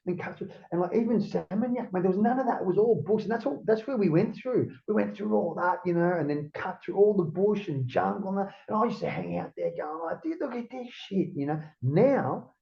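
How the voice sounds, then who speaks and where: Australian man, gravelly, rambling casual yarn, slightly dull audio, heavy on "mate" and swearing. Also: high voice, lively intonation, fairly quick, few pauses. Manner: rambling, swears freely, says "mate" constantly. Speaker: guest. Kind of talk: casual interview chat.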